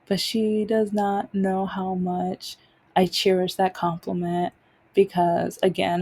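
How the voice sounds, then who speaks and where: Woman podcast host, warm low-key tone, rambling casual storytelling, acts out other people's lines. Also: vocal fry, husky. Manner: rambling, with many fillers and restarts.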